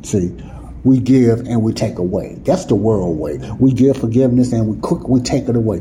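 A man's voice: mid-range voice, expressive, a little fast, mellow, a little hiss or hum. A man teaching the Bible in a sermon, talking informally and often checking "you see what I'm saying?". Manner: informal, nonstandard grammar.

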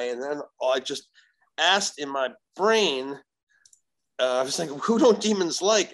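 Brief: male podcast guest, mid-pitched, animated, swears freely, acts out quotes. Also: low-quality recording. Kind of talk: casual storytelling.

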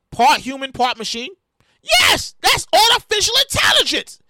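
A man hosting his own solo podcast from his room at home, talking into a podcast microphone, excitable and rambling, often breaking into shouts. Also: very high voice, no room sound. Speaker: podcast host.

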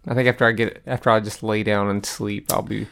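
A man's voice: on the low side, flat delivery, a little fast, gravelly, a bit bright, clear, resonant tone. A young man co-hosting a podcast, sounding tired and self-mocking in casual chat. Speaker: podcast co-host.

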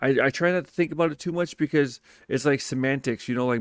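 A man's voice: medium pitch, quick pace, few pauses, clear, resonant tone, no echo, clean studio sound. A man host telling a personal story in a casual monologue, swearing often and speaking with emphasis. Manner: profane, emphatic and animated.

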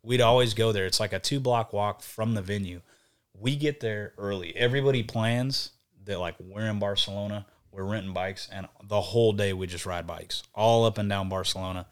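Young male podcast guest, low-ish voice, loose profane anecdotes told with energy. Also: moderate pace, clear, resonant tone. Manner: profane, animated storytelling. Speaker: podcast guest, band vocalist. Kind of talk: casual podcast chat.

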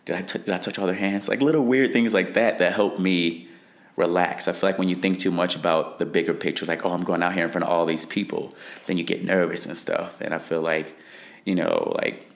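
A man's voice: low-pitched, fairly even intonation, brisk, vocal fry. A young man, a fighter, answering interview questions in a rambling way, full of "like" fillers.

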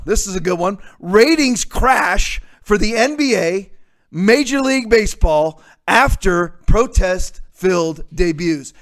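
Male host with a high-pitched voice, combative and sarcastic, prone to loud outbursts. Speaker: talk show host. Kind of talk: opinionated commentary monologue.

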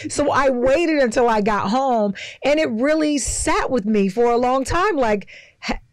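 A woman's voice: high voice, expressive, a little slow, no room sound. A woman co-hosting a casual chat over drinks, telling a candid personal story and quoting others as she goes. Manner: candid, storytelling with quoted voices. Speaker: co-host.

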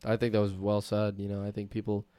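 A man hosting a casual podcast chat in a calm, agreeable way. His voice is smooth and clear. The sound is close and dry. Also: fairly low pitch, fast talker, dry recording. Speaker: podcast host.

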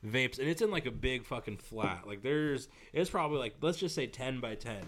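A man's voice: mid-range voice, animated, moderate pace, a bit bright, a little hiss or hum. A man laughing and joking crudely in a casual comedy podcast chat. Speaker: podcast co-host.

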